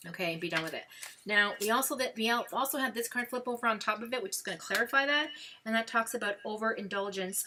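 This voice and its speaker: This New York tarot reader speaks in a mid-range voice and talks fast, with a little hiss or hum in the audio. Her Brooklyn accent colors an animated, chatty live-stream reading aimed directly at the viewer, full of fillers.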